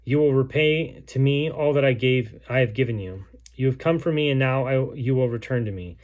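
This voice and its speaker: A man's voice: medium pitch, moderate pace, darkish tone, close to an everyday voice. A man reading a starving, grieving mother. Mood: pleading, grieving. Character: starving grief-stricken mother in a besieged city.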